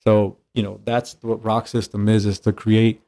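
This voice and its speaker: A man who is a catching coach and trainer, chatting casually on a podcast and telling stories with lively acted-out dialogue and easy swearing. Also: lowish voice, moderate pace. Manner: animated storyteller, acts out dialogue, swears casually.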